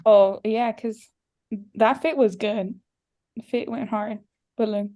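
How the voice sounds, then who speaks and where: A woman's voice: a little high, takes it slowly, mellow. A young woman hosting a podcast, telling stories in casual chat and laughing often. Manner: chatty storytelling, laughing often. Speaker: podcast host.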